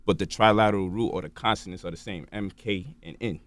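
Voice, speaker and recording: Low-voiced and quick-paced, a man appears as a guest in a radio studio and explains at length like he's giving a lecture. He checks in along the way with "right?" and "you feel me?"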